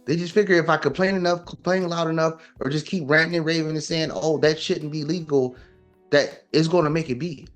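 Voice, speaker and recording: A man's voice: a little high, steady tone, quick pace, hardly any pauses, faint music behind. A man talking casually and emphatically, lecturing with rhetorical questions. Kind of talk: casual opinion talk.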